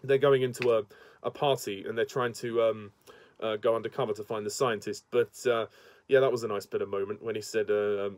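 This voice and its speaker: A man's voice: on the low side, fairly even intonation, brisk, darkish tone. A man giving a casual, enthusiastic spoken movie review, chatty and laughing often. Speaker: film reviewer.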